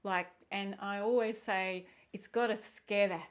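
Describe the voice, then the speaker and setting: An encouraging woman, an art teacher, chatting casually with a former student. She talks loosely and warmly about her way of teaching, peppering her sentences with "like" and "you know". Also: medium pitch, steady tone, a little slow, smooth. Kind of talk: casual conversational interview.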